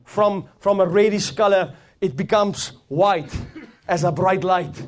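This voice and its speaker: A man's voice sits high as he preaches at a measured pace. He grows more intense throughout, fervently repeating phrases as the sermon builds.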